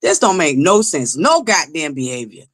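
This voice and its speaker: Sassy, animated woman gossip vlogger. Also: moderate pace. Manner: sassy, profane, scolding the viewers; animated, swings between low asides and loud exclamations. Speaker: commentary vlogger. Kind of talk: casual gossip commentary.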